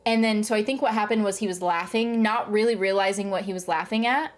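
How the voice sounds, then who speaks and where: A woman's voice: mid-range voice, steady tone, quick pace. A young adult woman chatting casually to camera as a vlogger, rambling with lots of "um" and "like" and retelling things animatedly.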